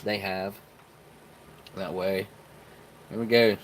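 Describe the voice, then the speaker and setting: A man's voice: mid-range voice, unhurried, background noise. A man hosting a live stream, chatting casually and folksily to viewers as he tastes and mixes food and drinks. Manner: chatty, folksy, talks to viewers while tasting. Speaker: live stream host reviewing military rations.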